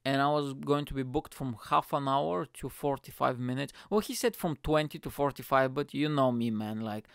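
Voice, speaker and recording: Gravelly, smooth-voiced man telling stories. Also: medium pitch, normal speed, dry recording, studio quality. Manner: rambling, profane, animated quotes. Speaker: stand-up comedian. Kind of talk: casual storytelling.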